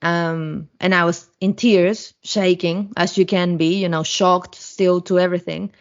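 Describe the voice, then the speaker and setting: A woman guest on a podcast, telling a story in a blunt, profane, animated way. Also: lowish voice, measured pace, highs cut off. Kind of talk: casual storytelling.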